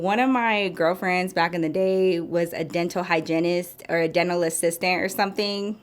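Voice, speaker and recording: A woman's voice: on the low side, fairly even intonation, moderate pace, hardly any pauses. A woman in her thirties telling a story to her viewers in a chatty, sassy way, calling them girl and y'all. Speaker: storytime vlogger.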